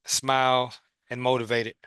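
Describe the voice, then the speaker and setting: A man taking part in an online workshop over a video call, hesitant and filling pauses as he lists ideas. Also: mid-range voice, little pitch movement, bright, forceful tone, smooth. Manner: hesitant, with fillers while listing ideas. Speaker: workshop participant.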